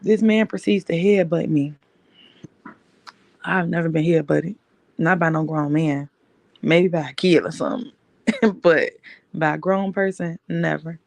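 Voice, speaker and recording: A woman's voice: low voice, unhurried, gravelly, long pauses, a little mellow, dry recording. A woman podcast host telling a personal story in an emphatic way, repeating key phrases.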